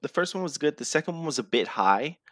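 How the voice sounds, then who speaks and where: A man's voice: a little high, animated, fast talker, a bit bright, no room sound, clean studio sound. A man co-hosting a casual wrestling recap chat who laughs often and acts out the wrestlers' lines. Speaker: podcast co-host.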